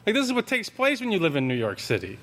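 A man's voice: high voice, huge pitch swings, quick pace, a bit bright. A man telling a casual, rambling anecdote, full of fillers and restarts. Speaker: storyteller. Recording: long hall reverb.

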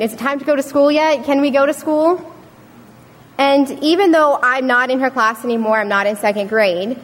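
Earnest young woman speaking in a hall. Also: a little high. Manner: earnest, storytelling with acted quotes. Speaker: student speaker. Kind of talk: prepared speech to an audience. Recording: reverberant hall.

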